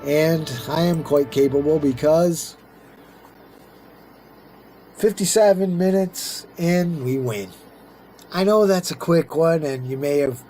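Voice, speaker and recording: A man's voice: on the high side, a little mellow, a little hiss or hum. A middle-aged man casually commenting on his own strategy gameplay, rambling and talking to himself as he plays. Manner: rambling, chatty, talks to himself while playing. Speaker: let's-play host.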